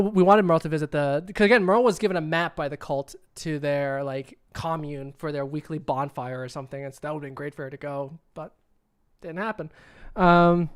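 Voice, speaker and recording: A man's voice: high voice, clear, resonant tone. A man hosting a casual livestream, rambling and repeating himself as he cues up clips. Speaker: livestream host.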